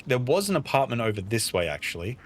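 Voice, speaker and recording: A fast-talking man of medium pitch whose voice swings widely, recorded with a faint hiss or hum. While streaming a game he chats casually with viewers, answering what they type, and jokingly murmurs to himself as he goes.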